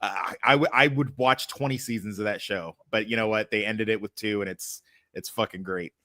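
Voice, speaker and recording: A man in his late forties chatting casually on a podcast, telling stories with lively swearing and impressions. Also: fairly low pitch, a little fast, dry recording, clean studio sound. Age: 40s. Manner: animated storyteller, swears freely, does impressions. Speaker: podcast co-host. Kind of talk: casual chat.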